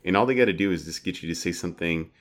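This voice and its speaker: A man with a low voice chats loosely on a podcast. He rambles, leans on "like" and restarts his thoughts, keeping things casual and friendly. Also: very fast. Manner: rambling, many filler likes. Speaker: podcast co-host. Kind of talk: casual chat.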